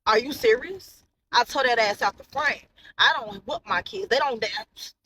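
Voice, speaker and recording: A woman's voice: fairly high pitch, moderate pace. A woman in her thirties, a mother, telling a personal story straight to camera in a blunt, profane way, repeating herself for emphasis. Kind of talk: casual storytime monologue to camera. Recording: noisy, with car sounds behind.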